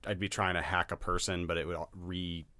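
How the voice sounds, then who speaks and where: A man co-hosting a podcast in casual chat, blunt and quick to laugh. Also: sits low, level tone, bright, forceful tone, no room sound. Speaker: podcast co-host.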